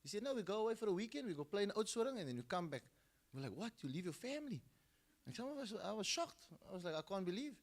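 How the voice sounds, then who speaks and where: A man's voice: high voice, big pitch swings, rapid-fire. A middle-aged man with a South African accent, giving a storytelling speech at a school football launch and acting out the people he quotes.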